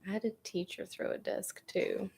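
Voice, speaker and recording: A woman's voice: medium pitch, wildly swooping pitch, normal speed, gravelly, a little mellow, slight background noise. A young woman hosting a casual chat, rambling with lots of fillers and frequent laughs. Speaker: podcast host.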